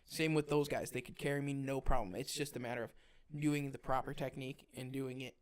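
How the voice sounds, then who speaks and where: A young man, a podcast co-host, telling a firefighter training story in casual chat, acting out the others' voices and swearing freely. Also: medium pitch.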